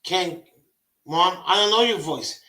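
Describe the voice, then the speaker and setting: Man in his forties, high bright voice, slow halting delivery, echoey room; casual livestream co-host. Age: 40s. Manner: halting, broken phrasing with repeated words. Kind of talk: casual chat.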